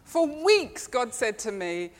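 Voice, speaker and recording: A woman's voice: a little high, big pitch swings, takes it slowly, big-room sound. A woman preaching a sermon, telling chatty personal stories and laughing often. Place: church.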